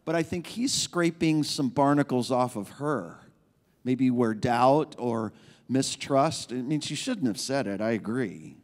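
A man's voice: mid-range voice, lively intonation, measured pace. A male pastor preaching a sermon in a conversational, emphatic way, repeating key phrases. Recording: long reverb of a large hall.

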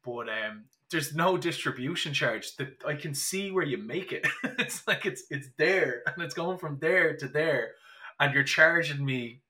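A man's voice: fairly high pitch, lively intonation, measured pace, pushed and bright. A young Irish man chatting as a podcast guest, telling stories with many restarts and fillers. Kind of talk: casual podcast chat.

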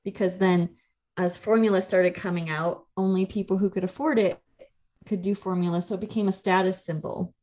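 A woman's voice: medium pitch, steady tone, a little fast, a little mellow. A woman in her thirties, a nutrition coach co-hosting a podcast, explaining things in a chatty, easygoing way and laughing easily. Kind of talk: casual podcast chat.

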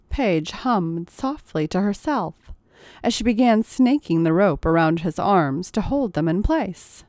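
A woman reading a story aloud in a measured, expressive narration. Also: lowish voice, dry recording, studio quality. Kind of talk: audiobook narration.

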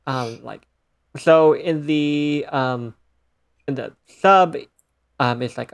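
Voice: medium pitch, slow pace, pauses often. A podcast co-host in a casual chat, speaking in short, dry remarks. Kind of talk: casual chat reviewing an anime.

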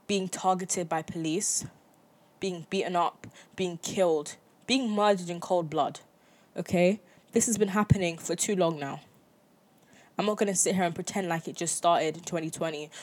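A young woman with a slightly low-pitched voice hosts her own talk podcast. She delivers an impassioned, emphatic solo monologue and drives her points home by repeating them. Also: a little mellow. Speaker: podcast host. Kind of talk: opinion monologue.

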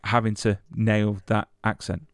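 A man's voice: on the low side, little pitch movement, unhurried, no room sound, clean studio sound. A man interviewing an actor, chatty, often stumbling and repeating words as he asks his questions.

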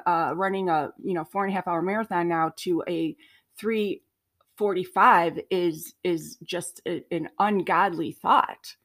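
Podcast host, woman with a lowish voice, encouraging and talks with lots of filler words. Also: a bit bright. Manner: supportive, explains with many fillers. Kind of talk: conversational podcast interview.

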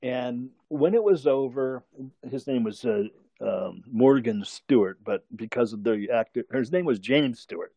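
A man's voice: mid-range voice, animated, unhurried, vocal fry, mellow, no echo. An older man telling a long story in casual conversation, rambling, chuckling and correcting himself as he goes.

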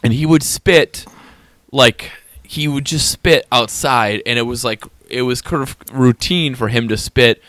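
A man's voice: mid-range voice, a little slow, a bit bright, no room sound. A man co-hosting a casual podcast chat, telling a rambling story with many fillers. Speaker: podcast co-host.

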